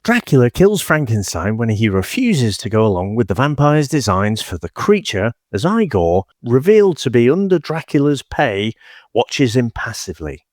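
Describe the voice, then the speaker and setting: A man's voice: medium pitch, normal speed, dry recording, studio quality. Man reading a film plot summary. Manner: reads the plot summary in a steady, even flow. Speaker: podcast host. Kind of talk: plot summary and casual chat.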